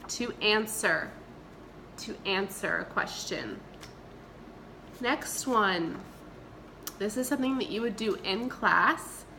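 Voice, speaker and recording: A woman's voice: mid-range voice, bright, forceful tone, a little hiss or hum. A woman teacher, leading a remote vocabulary lesson and having the class repeat words after her. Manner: slow, clear repeat-after-me drilling. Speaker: Spanish teacher.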